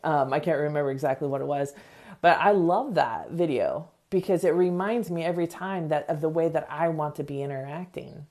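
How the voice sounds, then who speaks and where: A middle-aged woman with a low, mellow voice hosts a self-help podcast. She gives an earnest motivational talk, acting out quick examples in different voices.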